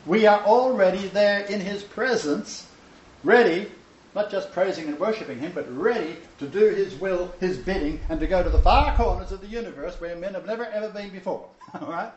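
A man's voice: sits high, moderate pace, reverberant, highs cut off. A man teaching a Bible lecture to a small seated audience, emphatic and joking, with chuckling asides. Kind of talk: informal sermon lecture.

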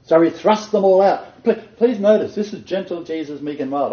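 Animated man teaching a Bible study. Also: a little high, brisk, few pauses. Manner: animated, quizzes the group, laughs often. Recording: roomy dull lo-fi recording.

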